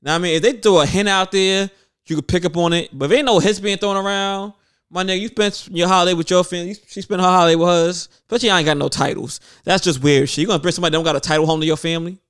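A man's voice: high-pitched, steady tone, fast, fairly bright tone, clean tone. A man co-hosting a casual podcast, telling stories in loose slang with mock outrage. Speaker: podcast co-host.

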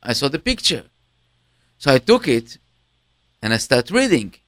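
Man, lively pitch, halting repeats, casual talk. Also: no room sound. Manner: halting, repeats words, grows animated telling stories. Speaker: host. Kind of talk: casual chat.

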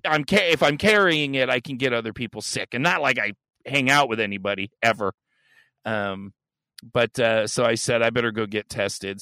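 Man, podcast host, crude animated storytelling, sharp bright voice, dry sound. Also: medium pitch, no room sound. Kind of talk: casual storytelling chat.

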